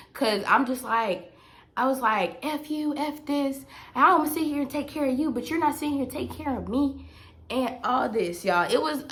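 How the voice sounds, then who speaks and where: A young woman recounts a personal story to her viewers in a storytime vlog. She is emphatic and repeats herself, and her voice sits at a mid pitch. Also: a bit bright. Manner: emphatic, repetitive, talks straight to viewers. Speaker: vlogger.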